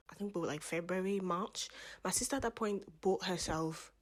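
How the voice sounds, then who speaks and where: A young woman chatting to camera in a casual vlog, rambling and self-mocking, often dropping into soft half-whispered asides. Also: lowish voice, moderate pace. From family from Gambia, French-speaking background. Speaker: vlogger.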